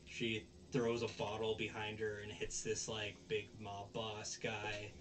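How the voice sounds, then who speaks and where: A man's voice: lowish voice, monotone, measured pace, noisy background. Rambling man recapping an episode. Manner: rambling, many fillers and restarts. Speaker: podcast host.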